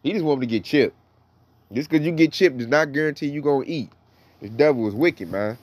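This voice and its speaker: A man's voice: fairly high pitch, fairly quick, no echo. A man teaching the Bible in a casual, slangy preaching style, reading verses aloud between his comments. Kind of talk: casual sermon with scripture reading.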